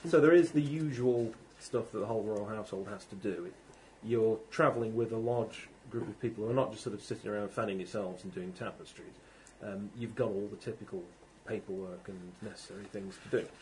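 A man running a tabletop role-playing game, narrating with many pauses and fillers. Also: lowish voice, darkish tone, slight background noise. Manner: hesitant, many ums and restarts. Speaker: game master.

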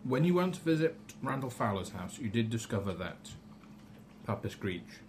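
A man's voice: mid-range voice, big pitch swings, moderate pace. A man narrating a tabletop game as game master, dry and matter-of-fact. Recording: noisy home recording.

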